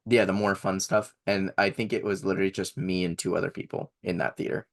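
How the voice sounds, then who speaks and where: Young male podcast co-host, lowish voice, rambling and keen, laughs a lot. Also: little pitch movement, fast. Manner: enthusiastic, rambling, laughs often. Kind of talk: casual chat.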